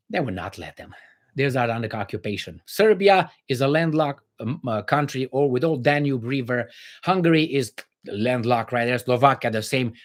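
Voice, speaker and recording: A man hosting a livestream, reading viewer comments and giving blunt opinions in casual chat, with many fillers and restarts. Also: on the high side.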